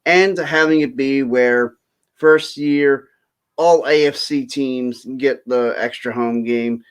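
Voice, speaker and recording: A man's voice: medium pitch, steady tone, takes it slowly, clear, resonant tone. A man hosting a casual sports chat, easygoing and a bit hesitant, an eager football draft fan. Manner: easygoing, self-described draft geek, hesitant fillers. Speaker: host.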